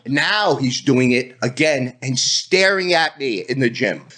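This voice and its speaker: Give me a profane male podcast guest telling a story with a lively, up-and-down voice. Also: mid-range voice, unhurried. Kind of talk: casual storytelling chat.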